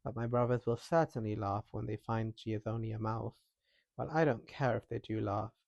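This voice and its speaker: A man voicing a modest young farmer's son in a storybook reading, speaking quietly and modestly. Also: lowish voice, steady tone, normal speed, gravelly, dry recording, lo-fi sound.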